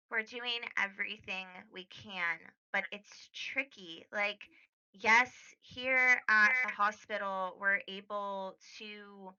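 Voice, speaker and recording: A woman voicing a weary female doctor in a tabletop game, who sighs and speaks softly and carefully. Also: medium pitch, smooth, lo-fi sound, full character voice. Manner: soft, sighing, careful.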